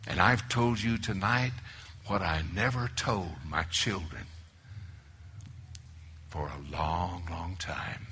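A man preaching a sermon at a marriage conference, telling his story with animated delivery that swings from loud exclamations to low near-whispers. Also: a little hiss or hum.

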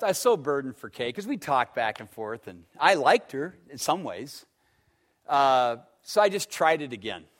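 A man preaching a sermon, telling stories and swinging between loud emphatic stretches and hushed ones. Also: medium pitch. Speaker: pastor.

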